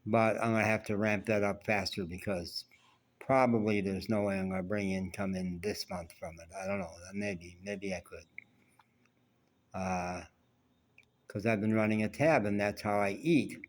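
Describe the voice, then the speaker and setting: A man's voice: lowish voice, steady tone, moderate pace. A man vlogging, telling a personal story in a rambling, candid, self-reflective way.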